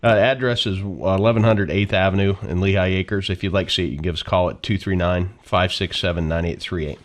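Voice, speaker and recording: A man co-hosting a local radio property show, running through listings in a relaxed, folksy manner. His voice is very low. He drops casual jokes between the details. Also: fast. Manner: relaxed, folksy sales talk. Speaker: real estate agent on a radio show.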